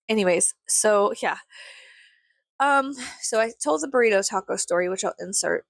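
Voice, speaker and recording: A woman's voice: medium pitch, lively intonation, normal speed, vocal fry, no echo. Woman, casual storytime rant, sarcastic, profane, rambling, dry close sound. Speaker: vlogger.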